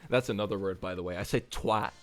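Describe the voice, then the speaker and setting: A man's voice: low voice, fast, music in the background. A man co-hosting a podcast, trading laughing, teasing banter. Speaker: podcast co-host. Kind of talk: casual chat.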